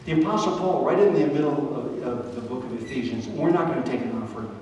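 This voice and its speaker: Older man, wry deadpan storyteller, soft tender asides, faint hum behind, heard from a distance. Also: medium pitch. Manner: wry, deadpan, drops to soft, quiet, slow lines for tender moments. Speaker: stand-up storyteller. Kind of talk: live comic storytelling with a faith message. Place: large reverberant camp hall. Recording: very echoey hall picked up from afar.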